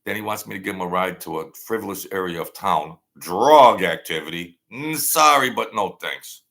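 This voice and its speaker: A man's voice: deep voice, moderate pace, gravelly, pushed and bright. An older man, host of his own channel, telling a rambling story in a blunt, wary, streetwise way.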